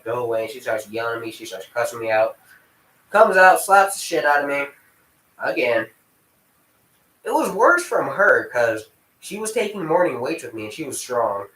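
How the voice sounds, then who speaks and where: A man's voice: mid-range voice, fairly bright tone, distant mic. Profane young man in an echoey room. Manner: rambling, profane, talks to his dog mid-story. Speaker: vlogger. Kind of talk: casual storytelling. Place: room at home with dogs.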